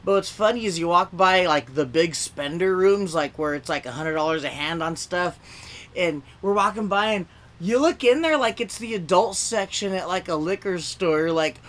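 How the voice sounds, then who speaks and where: A young man with a fairly high voice does stand-up at an open mic over a video call. He rambles and restarts, full of "like", and suddenly jumps into shouted or whispered voices when he quotes people. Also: expressive, moderate pace. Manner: rambling, self-interrupting, lots of "like". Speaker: stand-up comedian.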